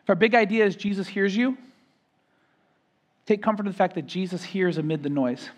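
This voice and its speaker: A man preaches a sermon as pastor in a high-pitched voice. He swells louder and higher on key phrases, then drops back soft. He repeats and restarts words as he builds each point. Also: brisk.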